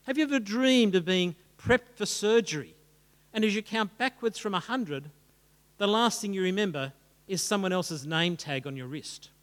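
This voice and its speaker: High-voiced preacher in an echoing hall. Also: male voice, moderate pace. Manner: dramatic, rhetorical, building lists. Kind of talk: sermon.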